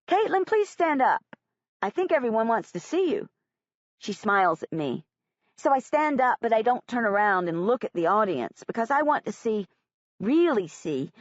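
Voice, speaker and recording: A woman's voice: medium pitch, no echo. A woman reading a first-person audiobook in a plain, earnest storytelling manner. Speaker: audiobook narrator. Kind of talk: first-person scripted narration. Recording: dry, slightly dull audiobook recording.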